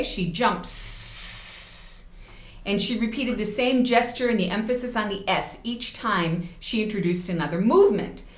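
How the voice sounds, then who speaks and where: Woman lecturing in a roomy space. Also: medium pitch. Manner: explanatory, checks in with "okay?" and "right?". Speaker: teacher educator giving a lecture. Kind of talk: recorded lecture. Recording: roomy echo.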